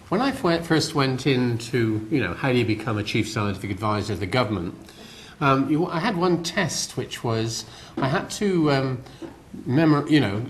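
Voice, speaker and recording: A man's voice: mid-range voice, slight background noise. An older man with a West Country accent giving a public lecture, rambling and dryly self-deprecating. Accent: West Country English. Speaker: guest lecturer. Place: lecture hall.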